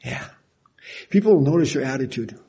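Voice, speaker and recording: An older man preaching a sermon in a folksy, animated way, laughing at himself now and then. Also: medium pitch, a little fast, a little hiss or hum. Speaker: pastor.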